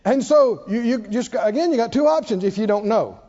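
High-voiced preacher in a reverberant hall. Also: male voice, animated, fairly quick, warm tone. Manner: call-and-response preaching, asks the congregation to repeat lines. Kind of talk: sermon. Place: church hall. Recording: dull sound in a hall with long reverb.

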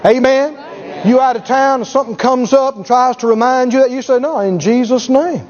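Preacher guy, really high voice, bouncy and emphatic, echoey hall w/ dull lo-fi sound. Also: fairly even intonation, a little fast, a faint crowd. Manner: emphatic, acts out quoted voices, rises to shouts. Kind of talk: sermon. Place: large church hall. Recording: lo-fi hall recording with audience. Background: congregation.

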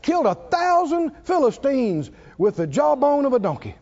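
A preacher with a very high, lively voice delivers a slow sermon, firing rhetorical questions and waiting for answers. The sound is muffled and lo-fi, as from a church recording. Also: male voice. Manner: rhetorical questions, calls for response.

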